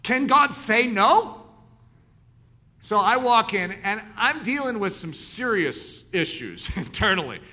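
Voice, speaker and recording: A man's voice: high-pitched, takes it slowly. A man preaching a sermon, telling stories and acting out the voices of the people in them. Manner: animated storytelling, acts out dialogue.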